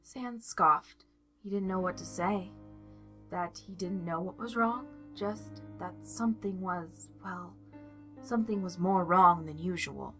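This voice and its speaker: A woman reads a fan story aloud in a calm, steady narration. Her voice is bright and forward, and faint background music runs underneath the whole reading. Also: fairly low pitch, a little slow. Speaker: fan fiction reader. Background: soft music.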